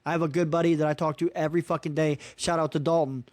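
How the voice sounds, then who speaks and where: A man in his thirties holds forth on his own podcast in a frustrated, expletive-heavy rant, tossing in "dude" and "man" as he goes. His voice sits a little higher than most men's. The sound is dry and close, with no room echo. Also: flat delivery, quick pace, darkish tone. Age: 30s. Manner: profane, frustrated ranting with frequent "dude" and "man". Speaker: podcast host. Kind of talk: casual solo podcast rant.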